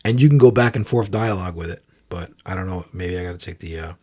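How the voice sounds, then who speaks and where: Excitable man bantering on a podcast. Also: low-pitched, fast talker. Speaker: podcast co-host. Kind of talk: casual chat.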